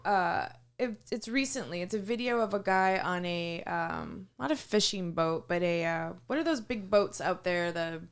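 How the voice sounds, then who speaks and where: A woman's voice: on the low side, moderate pace, hardly any pauses, clean tone. Chatty woman podcast co-host. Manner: chatty, trails off searching for words. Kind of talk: casual chat.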